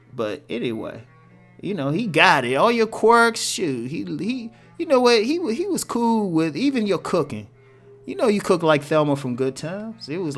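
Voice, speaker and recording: A man's voice: a little high, a bit bright. A man hosting a casual relationship-advice monologue for women, talking bluntly with tough love and jokes.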